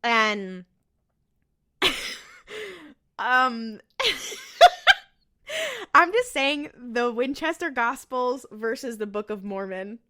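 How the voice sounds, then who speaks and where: Woman, podcast co-host, bright voice, slightly high, animated casual recap. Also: drawn-out words, long pauses. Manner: animated, swearing, acting out characters' lines. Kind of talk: casual chat recapping a TV episode.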